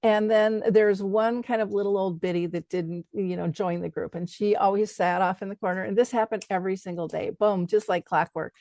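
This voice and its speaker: A woman's voice: mid-range voice, steady tone, a little fast, few pauses, darkish tone, no room sound. A middle-aged woman hosting a podcast, affirming her guest and telling a family story in an earnest way. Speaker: podcast host. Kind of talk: conversational interview with anecdotes.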